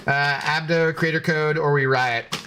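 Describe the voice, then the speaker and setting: A man's voice: on the high side, fairly even intonation, unhurried, background noise. A man streaming a game in casual, rambling chat, joking with his dog and greeting viewers.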